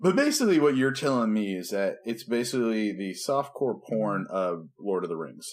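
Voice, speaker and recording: A man's voice: lowish voice, very animated, moderate pace. A man, a preacher co-hosting a podcast, chatting casually and teasing his friend with dry sarcastic jokes. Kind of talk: casual chat.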